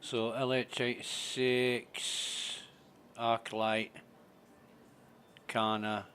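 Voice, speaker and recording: A man's voice: mid-range voice, little pitch movement, extremely slow, a bit bright, slight background noise. A man commentating casually on his gameplay, thinking aloud, muttering and swearing. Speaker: game streamer.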